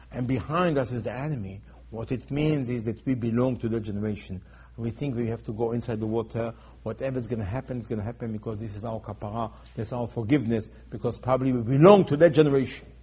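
A man preaching a sermon, swinging between loud emphatic bursts and low, quiet asides. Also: fairly quick, slightly rough.

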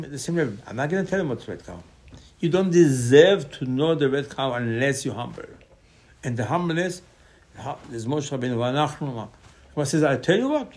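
A rabbi with a medium-pitched, somewhat dark voice preaches a Torah sermon with passion. He repeats phrases and acts out the dialogue he quotes.

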